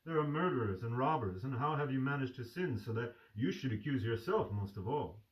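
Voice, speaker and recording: A man's voice: mid-range voice, expressive, brisk, highs cut off, lightly acted. A man reading aloud and voicing a grieving mother who pleads anxiously with her sick son. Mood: anxious pleading. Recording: distant mic.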